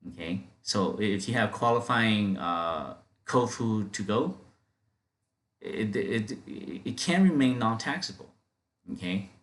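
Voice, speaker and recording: A man giving an off-the-cuff software training, repeating words, restarting phrases and checking in with "okay?" after each point. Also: fairly low pitch. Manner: many fillers and restarts, talking off the cuff. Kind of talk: screen-recorded software training.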